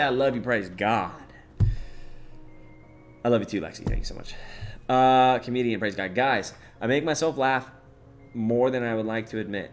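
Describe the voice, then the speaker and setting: A man's voice: medium pitch, normal speed, long pauses. Jokey young man streaming with faint music. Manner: jokey, repeats a catchphrase, swings from mumbling to loud bursts. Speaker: streamer reading chat. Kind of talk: casual live-stream chat.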